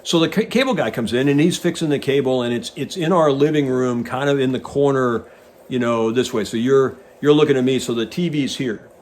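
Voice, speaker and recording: A man in his sixties, a retired Navy pilot hosting, casually telling an animated anecdote and acting out the dialogue. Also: mid-range voice, fairly quick, slight background noise. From United States. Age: 60s. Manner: animated storyteller who acts out quoted dialogue.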